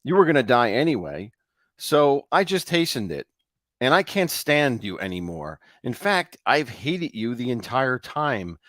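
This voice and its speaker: A man voicing a cold, emotionless wife who speaks in a flat, matter-of-fact way. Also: medium pitch, unhurried, dry recording, studio quality. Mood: coldly blunt.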